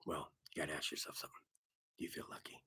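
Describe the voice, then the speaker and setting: A man putting on a menacing, low rough whisper as a tough-guy movie cowboy. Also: racing, pushed and bright, natural voice.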